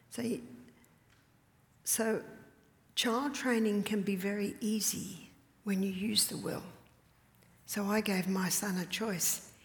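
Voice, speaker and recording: Mother of five telling stories in a reverberant hall. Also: mid-range voice. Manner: drops to a whisper for emphasis; laughs often while telling stories. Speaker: speaker at a health retreat. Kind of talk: storytelling talk to an audience.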